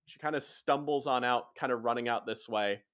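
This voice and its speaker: A man's voice: mid-range voice, normal speed, a bit bright, smooth. A man narrating as game master of a tabletop roleplay, in a casual and loose way. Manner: casual, loose narration full of kinda and sorta.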